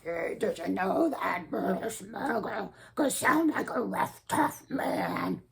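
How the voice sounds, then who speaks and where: A woman putting on a rough, tough gravelly man. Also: mid-range voice, huge pitch swings, slow pace, crowd noise, exaggerated voice. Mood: gruff.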